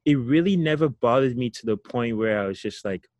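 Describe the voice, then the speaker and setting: A man's voice: mid-range voice, lively intonation, brisk, darkish tone, no echo. Reflective young man from Ghana, dry sound. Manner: reflective, laughs often, repeats words. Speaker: guest. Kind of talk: casual storytelling interview.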